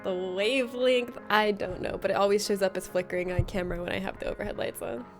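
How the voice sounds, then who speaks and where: A woman's voice: medium pitch, steady tone, fast talker, soft background music. A woman hosting a casual livestream from a room at home, reading out viewer comments in a playful, teasing way and laughing often. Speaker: livestream host.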